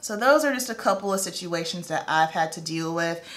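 A woman's voice: lowish voice, lively intonation, brisk. A hairstylist woman in a casual vlog chat, talking in an earnest, emphatic and heartfelt way.

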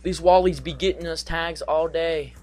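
A man's voice: medium pitch, normal speed. Young guy doing live game commentary, hyped and goofy, mid voice, bit of faint hiss. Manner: excitable, goofy, trash-talking, singsong asides. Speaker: gaming commentator.

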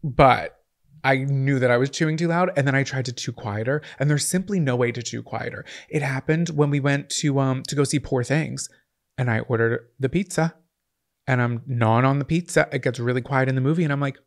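A man's voice: medium pitch, brisk. A man co-hosting a podcast, telling rambling stories in casual comedic chat. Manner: rambling, chatty storytelling. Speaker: podcast co-host.

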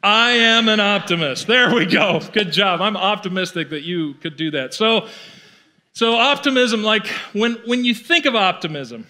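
Bright, high-voiced male pastor preaching. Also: animated, normal speed. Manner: conversational, playful, acts out quoted voices. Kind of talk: sermon. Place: church auditorium.

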